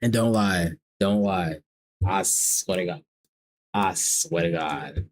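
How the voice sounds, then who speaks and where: A young Southern American man hosts a live stream, teasing strangers in casual, profane chat. His voice is low-pitched and he takes it slowly.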